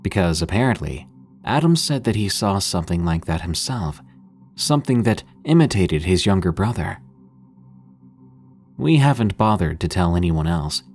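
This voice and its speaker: A man narrating scary stories in a steady, measured way as the show's host. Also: low voice, faint music behind. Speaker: horror story narrator. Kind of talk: scripted narration of horror stories.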